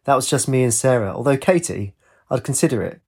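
A man with a husky voice playing a calm, dry-spoken young woman in a story reading. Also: mid-range voice, a little fast.

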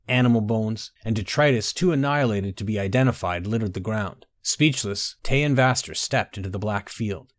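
A man narrating a story in a measured storytelling manner, softly voicing the dialogue. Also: on the low side, no echo, studio quality. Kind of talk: scripted narration.

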